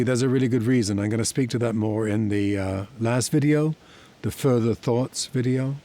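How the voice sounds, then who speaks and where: A man's voice: mid-range voice, darkish tone. Middle-aged male teacher, reflective and conversational, story-driven explainer. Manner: reflective, conversational, tells personal stories. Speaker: therapy teacher. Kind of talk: explanatory talk to camera.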